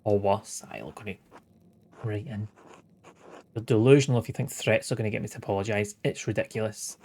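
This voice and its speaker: A man's voice: lowish voice, a little fast, long pauses, a little mellow, slight background noise. A man in his late thirties, streaming a game with wry, sweary chatter, reading its dialogue aloud. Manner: sweary, wry, chuckling asides. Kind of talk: casual let's-play commentary, reading game dialogue aloud.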